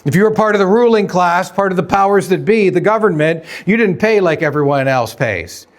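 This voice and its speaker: A man's voice: high-pitched, expressive, brisk. A man preaching a sermon as pastor, conversational, asking the congregation questions and acting out quoted dialogue.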